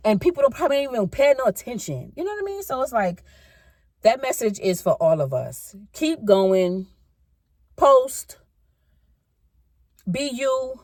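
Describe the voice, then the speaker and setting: A woman's voice: mid-range voice, a little mellow, no echo. A woman in her fifties chatting casually in a rambling, self-correcting way for a car-ride vlog. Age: 50s. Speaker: vlogger.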